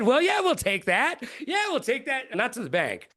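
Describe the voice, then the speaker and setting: A middle-aged man, a broadcaster, telling stories in an interview with lively quoted voices. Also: quick pace, hardly any pauses. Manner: lively, jumps into high-pitched quoted voices. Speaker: guest broadcaster. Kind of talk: animated storytelling in an interview.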